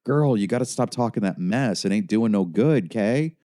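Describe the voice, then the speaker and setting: A man's voice: lowish voice, lively intonation, moderate pace, warm tone, voice pushed up, lightly acted. A man voicing a firm woman nurse who scolds a patient in blunt slang. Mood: scolding.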